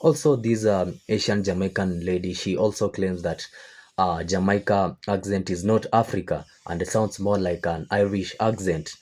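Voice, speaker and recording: A man with a very deep voice hosts a reaction channel. He introduces the clip in a casual, halting way, filling pauses with many "uh"s. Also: darkish tone.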